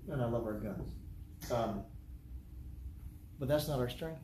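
A man's voice: medium pitch, measured pace, dark tone. A man from the United States preaching a sermon in earnest, repeating his points in rhetorical lists. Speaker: pastor. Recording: echoey room, faint background noise.

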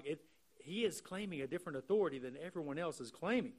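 A man preaching an expository sermon. He explains the text earnestly and slows down to stress key phrases. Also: on the high side, animated. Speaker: pastor.

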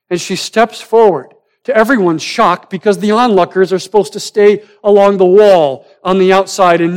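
A man preaching a sermon, swinging from loud, rising emphasis down to hushed, almost whispered lines. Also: high voice. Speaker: pastor.

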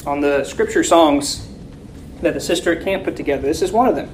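A woman teaching a Bible lesson, reading scripture slowly and forcefully and quizzing her listeners with rhetorical questions. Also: sits low, a little hiss or hum, poor audio.

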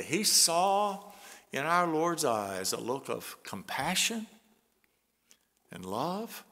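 A man preaching a sermon as pastor, earnest and conversational, with soft chuckles between points. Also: fairly high pitch, very animated, takes it slowly. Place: church sanctuary. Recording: long church reverb.

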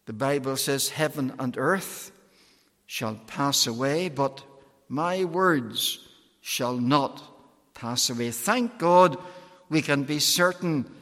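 A man's voice: medium pitch, fairly bright tone. Male preacher, emphatic and pleading, long echo of a big hall. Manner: slow, emphatic pleading with soaring and falling phrases. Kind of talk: evangelistic sermon.

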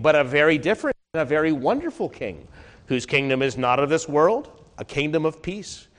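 A man pastor delivering an earnest sermon to his congregation, his pitch and loudness swinging widely as he preaches. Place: warm, crowded church hall. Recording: reverberant hall.

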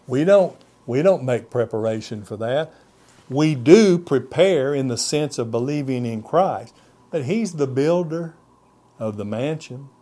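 A man preaching a sermon as pastor. He reads scripture in old-fashioned wording, and his pitch rises on key words and drops low at the ends of phrases. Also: mellow.

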